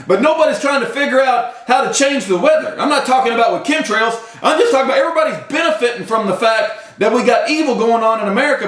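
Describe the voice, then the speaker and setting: A man, ranting straight to a camera at home, impassioned and breaking into yelling. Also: very high voice. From Texas. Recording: roomy echo.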